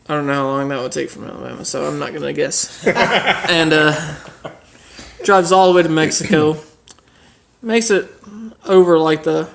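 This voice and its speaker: A podcast co-host improvising a comic story, halting and full of fillers, often giggling. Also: medium pitch, gravelly.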